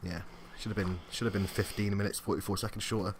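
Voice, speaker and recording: Deep-voiced guy reviewing wrestling. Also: steady tone, noisy background. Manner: chatty, laughs often, mimics people in quick asides. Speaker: podcast co-host. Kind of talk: casual wrestling review chat.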